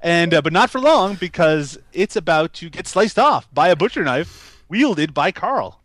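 A man's voice: fairly high pitch, very animated, unhurried, a bit bright, no echo. A man co-hosting a casual movie review chat, wry and jokey, chuckling as he talks. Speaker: podcast co-host.

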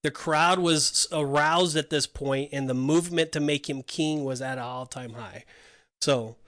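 A man with a fairly high voice talks through a Bible passage in a relaxed podcast chat. He slips into quick acted-out asides to voice what people might say. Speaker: podcast co-host. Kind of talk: casual Bible discussion.

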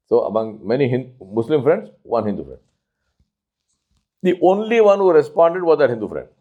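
Emphatic male Islamic lecturer. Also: phone-quality sound. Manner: emphatic and repetitive, swinging between loud high stresses and low quiet asides; slows to stress key phrases. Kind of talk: religious talk on outreach.

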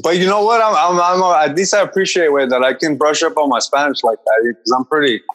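A man's voice: on the high side, quick pace, fairly bright tone, low-quality recording. Laid-back man, code-switching. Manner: laid-back, switches between English and Spanish, swears often. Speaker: podcast host. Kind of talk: casual bilingual chat.

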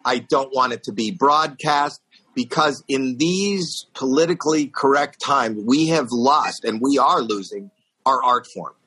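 A middle-aged man telling a long comic story on a talk show, acting out the voices with high squeaks. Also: measured pace, pushed and bright, slightly rough, rough recording. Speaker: stand-up comedian guest telling a story.

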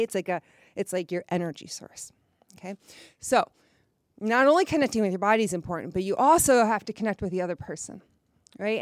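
A woman's voice: mid-range voice, no echo, studio quality. Frank woman leading a workshop. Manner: candid, frank, laughs often, says "right?" a lot. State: nervous, voice a little shaky. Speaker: workshop leader. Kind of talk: live workshop talk to a group. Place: room with a live audience.

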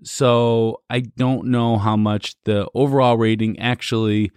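A man's voice: on the low side, fairly even intonation, measured pace, a little mellow, clear, resonant tone, no echo, clean studio sound. A man co-hosting a podcast in casual chat, easygoing and lightly teasing. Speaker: podcast co-host.

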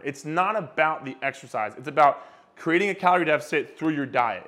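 A fitness coach talking straight to his viewers in a blunt, insistent rant. The man swears freely and keeps repeating words as he drives each point home, his voice sitting a little higher than most men's. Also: a bit bright. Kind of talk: direct-to-camera rant.

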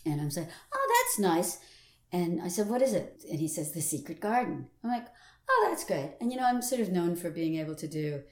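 An older actress chatting in an interview, animated and playing out every voice in her stories. Her speaking voice sits slightly low. The recording carries a noticeable roomy echo. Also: fast talker, hardly any pauses. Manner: animated storyteller who acts out quoted voices and laughs often. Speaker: stage actress guest. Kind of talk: casual interview chat.

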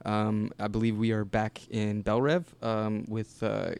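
A man's voice: fairly low pitch, completely flat delivery, a little slow, creaky, a little mellow, smooth. A man hosting a casual podcast chat, laid-back and joking, often trailing off mid-sentence. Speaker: podcast host.

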